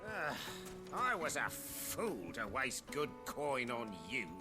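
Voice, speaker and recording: A man's voice: medium pitch, very animated, over music. A man voicing a scornful male townsman in a video game. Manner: scornful, slow.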